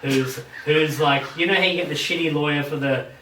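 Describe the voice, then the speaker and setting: A man's voice: on the high side, a little fast, a little hiss or hum. Male podcast host, casual swearing storyteller acting out quotes; roomy shed sound from a distance. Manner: profane, animated, acts out quotes. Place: home shed. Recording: echoey shed, mic at a distance.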